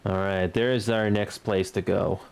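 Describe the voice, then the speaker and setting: A man in his late twenties giving casual gameplay commentary as a streamer. He talks in a halting way, stumbling over and restarting words. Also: on the low side, fairly even intonation, creaky, a little mellow, clear, resonant tone. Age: late 20s.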